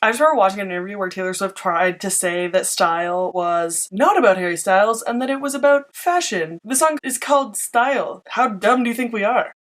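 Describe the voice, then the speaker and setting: A woman's voice: medium pitch, brisk, hardly any pauses. A young woman talking through a makeup tutorial in a chatty, self-mocking way. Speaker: beauty vlogger.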